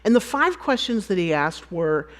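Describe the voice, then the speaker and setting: Woman speaker, lively swooping pitch, animated storytelling, acts out voices. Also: normal speed. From United States. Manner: animated, acts out dialogue, laughs often. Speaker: conference speaker. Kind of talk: storytelling conference talk.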